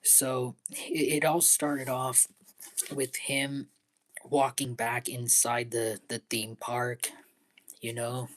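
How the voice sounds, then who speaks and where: In a casual vlog monologue, a young man speaks haltingly, repeating his words, and he sounds earnest and pleading. He often slips into breathy half-whispers, and his medium-pitched voice has a flat delivery.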